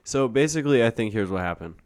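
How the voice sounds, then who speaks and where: A man's voice: medium pitch, animated, quick pace, clear, resonant tone. A young man co-hosting a podcast, talking casually in a rambling way with many restarts and laughs. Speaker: podcast co-host. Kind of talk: casual chat.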